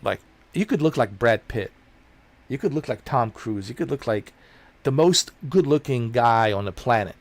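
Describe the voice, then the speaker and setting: Brief: a male streamer with a gravelly voice on a casual, profane, rambling rant. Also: medium pitch, expressive, moderate pace. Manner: rambling, blunt and profane, repeats himself. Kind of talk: casual ranting chat.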